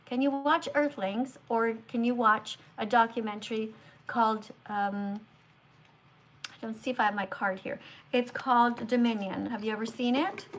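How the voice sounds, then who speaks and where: A woman with a fairly high voice hosts a live stream on her phone. She speaks in an emphatic, earnest, lecturing way, addressing a guest and her viewers directly. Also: steady tone, normal speed. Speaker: livestream host.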